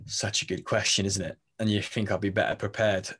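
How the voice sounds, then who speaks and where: A man's voice: on the low side, little pitch movement, fairly quick, fairly bright tone, breathy edge. A young English man with a London or Leicester accent, talking as a podcast guest in a rambling, self-interrupting, jokey way. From England. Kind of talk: casual interview chat.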